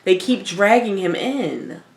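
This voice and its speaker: A woman's voice: mid-range voice, expressive, takes it slowly, creaky, noisy background. A woman co-hosting a casual TV recap podcast, blunt and exasperated, swearing freely. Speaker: podcast co-host. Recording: roomy echo.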